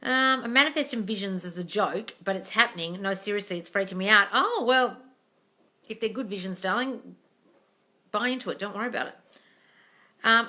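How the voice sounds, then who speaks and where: A woman's voice: mid-range voice, brisk, pushed and bright. A woman coach reading viewer questions aloud on a casual live stream, blunt and full of swearing, calling everyone darling.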